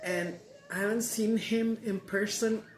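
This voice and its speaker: A middle-aged woman vents to her viewers, mid-pitched, cussing and switching between Spanish and English. Her voice rings in a roomy, echoey space. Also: fairly even intonation, unhurried, a little hiss or hum. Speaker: mukbang vlogger. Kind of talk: casual chat while eating. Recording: roomy echo.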